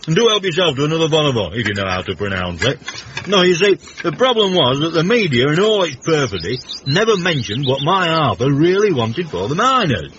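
A pompous, affected posh man holds forth with a lively, swooping voice. His drawl is self-pitying and grand. It comes through as a dull, faintly hissy old radio broadcast. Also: fairly high pitch, fairly quick. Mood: affected, snobbish. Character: pompous posh man, brother of a union leader. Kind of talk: radio comedy acting.

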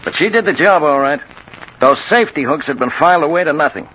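A brusque, matter-of-fact police captain with a lively voice that rises and falls, played by an actor. It is 1940s radio acting on a muffled old broadcast with faint hiss. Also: male voice, on the high side, fast, close to an everyday voice. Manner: dry, matter-of-fact, teasing.

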